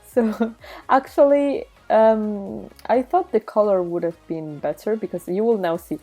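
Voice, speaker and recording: A woman's voice: medium pitch, measured pace, warm tone. Italian-accented woman vlogger, casual how-to voice-over, giggles often, faint music behind. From Italy. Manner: chatty, giggly, explains step by step. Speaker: slime-making vlogger. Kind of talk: casual tutorial narration.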